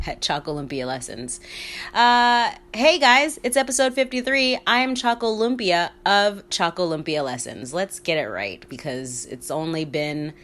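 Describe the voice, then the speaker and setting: Low-voiced woman half-whispering a chatty podcast. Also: animated, unhurried, fairly bright tone. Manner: candid, chatty, swears freely, laughs often. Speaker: podcast host. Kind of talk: casual solo podcast monologue.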